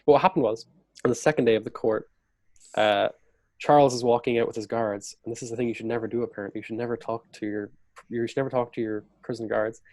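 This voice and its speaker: A man's voice: medium pitch, fairly even intonation, quick pace, a little mellow, no echo. Man vividly retelling history, dry sound. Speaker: podcast guest, historian. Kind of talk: conversational storytelling.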